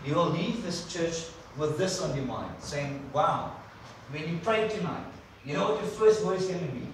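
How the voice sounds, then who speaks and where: Captured at a distance in a reverberant church hall, a man with a somewhat high voice delivers a fervent sermon, driving points home through repetition. His intonation is lively and his pace moderate, with a little background noise.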